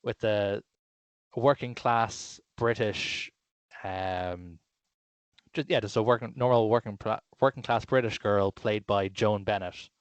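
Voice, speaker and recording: A man's voice: on the low side, unhurried, smooth, dry recording, highs cut off. A man co-hosting a podcast, chatting casually and enthusiastically about films, with many fillers and restarts. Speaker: podcast co-host. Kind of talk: casual film chat.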